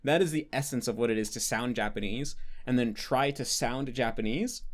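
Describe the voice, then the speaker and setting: A man's voice: medium pitch, moderate pace. Rambling man answering questions. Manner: rambling, restarts with many likes, explanatory. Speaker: host answering patron questions. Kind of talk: casual Q&A monologue.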